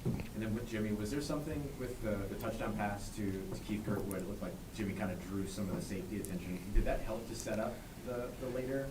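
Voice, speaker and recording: Man, reporter, quick questions, far from mic, echoey noisy room. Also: lowish voice. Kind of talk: press conference question. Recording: distant voice in an echoey room with noise.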